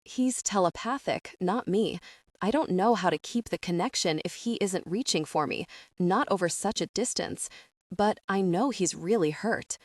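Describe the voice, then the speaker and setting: Lady doing a nervous young woman explaining softly, low-ish voice, dry. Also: normal speed, no room sound, close to an everyday voice. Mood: worried.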